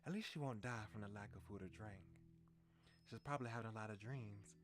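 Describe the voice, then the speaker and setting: A man's voice: on the low side, fairly quick, over music. A man streaming a story game, reading its lines aloud and often restarting and correcting himself.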